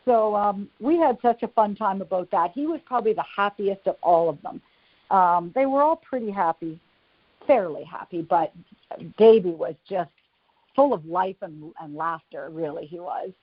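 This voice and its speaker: Animated woman telling stories, lo-fi. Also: mid-range voice, normal speed, no room sound. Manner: lively storyteller, animated and laughing. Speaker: psychic-medium guest. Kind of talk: storytelling in an interview. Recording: dull lo-fi dry sound.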